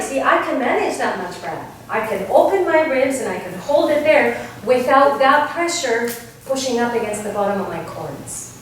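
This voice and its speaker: Her voice sits a little high as she leads the choir workshop, demonstrating with sung examples and frequently checking in with "right?" It's a distant, echoey recording of the Argentine vocal coach, carrying a faint hiss or hum.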